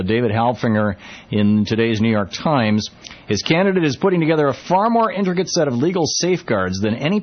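A man from Vermont hosting a call-in radio show, talking conversationally with frequent fillers and restarts. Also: mid-range voice. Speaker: radio talk show host. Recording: dull lo-fi radio broadcast.

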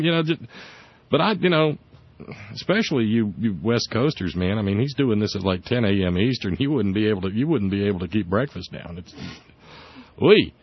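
A man's voice: fairly low pitch, lively intonation, brisk, husky, dry recording. A man hosting a casual political chat show, sardonic and rambling, with many restarts. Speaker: podcast host. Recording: dull lo-fi dry audio.

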